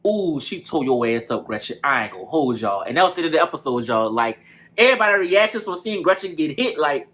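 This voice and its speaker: A man recapping a reality show episode in casual, animated commentary, full of cursing and gossip, often calling the viewers y'all. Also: a little high, brisk.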